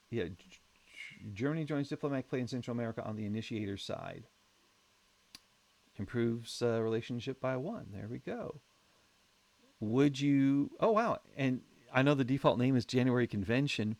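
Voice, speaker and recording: A man's voice: medium pitch, a little mellow. A man commentating his own strategy game as he plays, thinking aloud in a wry, chatty way with self-mocking humour. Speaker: let's play host.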